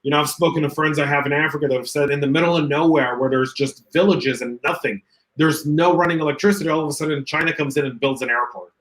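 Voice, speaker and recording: A man co-hosting a casual online show, reading out viewer comments and giving quick, opinionated takes with a joking edge. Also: fairly high pitch, steady tone, fairly bright tone, poor audio. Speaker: podcast co-host.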